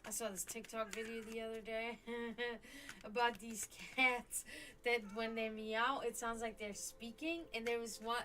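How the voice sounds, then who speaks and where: A woman's voice: fairly high pitch, steady tone, a little slow, sharp tone, a little hiss or hum, poor audio. A woman hosting a live tarot stream, chatting casually, cursing now and then and talking to her pets between readings. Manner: chatty, swears casually, coos baby talk at her cat. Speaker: tarot reader and stream host.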